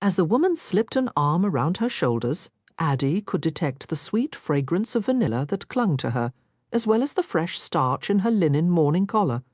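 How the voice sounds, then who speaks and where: Woman narrating an audiobook, low voice, lively expressive reading, dry close mic. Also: moderate pace, no room sound. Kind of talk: scripted narration.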